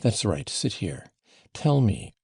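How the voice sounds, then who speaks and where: A man's voice: on the low side, big pitch swings, slow pace, vocal fry, mellow, slightly rough, no echo, clean studio sound, exaggerated voice. A man reading an audiobook voices a passionate, wounded young woman, talking in a raised, emotional way that swings from tender to scornful. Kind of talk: audiobook character voicing.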